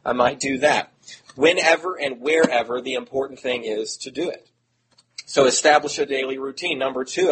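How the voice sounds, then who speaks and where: A middle-aged man preaching a sermon in an earnest, conversational way, with self-deprecating asides. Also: mid-range voice. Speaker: pastor. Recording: audible background noise.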